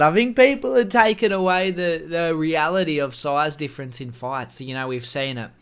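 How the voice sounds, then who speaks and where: A man's voice: on the high side, moderate pace, a bit bright, clear, resonant tone. A man talking casually to camera, giving opinionated, rambling takes on fights and swearing freely. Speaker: MMA commentary YouTuber.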